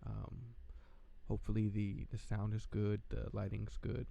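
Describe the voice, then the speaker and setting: Gravelly, dark-voiced man rambling on stream. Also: fairly low pitch, level tone, unhurried. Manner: rambling, filler-heavy, laid-back. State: tired, yawning. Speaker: livestream host. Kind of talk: casual stream chat. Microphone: desk microphone.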